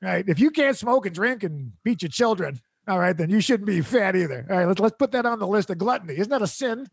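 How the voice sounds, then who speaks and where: High-voiced man telling a rambling comic story. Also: lively intonation, brisk, creaky, husky, no echo, studio quality. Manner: rambling, exasperated, laughs mid-sentence. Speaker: comedy podcast host. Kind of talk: casual comedic storytelling.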